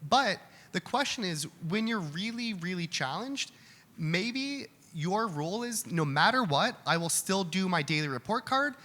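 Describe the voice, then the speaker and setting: A man's voice: high-pitched, lively intonation, measured pace, bright, forceful tone. A man answering audience questions at a live event, speaking candidly and conversationally, often restarting his words. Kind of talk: live Q&A talk. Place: event hall. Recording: hall reverb with faint room noise.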